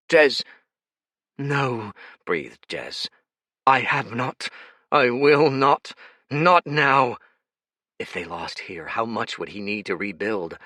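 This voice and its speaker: A man narrates an action audiobook in a lowish voice that swings widely in pitch. His tone is bright and forward, and the studio sound is dry and close. His reading is dramatic and animated throughout. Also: no echo.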